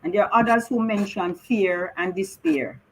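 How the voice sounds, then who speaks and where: A woman's voice: mid-range voice, steady tone, moderate pace, low-quality recording. A middle-aged woman speaking on the radio as a bereaved mother, earnestly and repetitively urging listeners. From Jamaica. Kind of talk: emotional radio talk.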